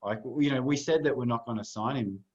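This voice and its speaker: A man's voice: medium pitch, brisk, dull audio. A man, co-hosting a casual sports podcast and rambling through photos with plenty of fillers. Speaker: podcast co-host.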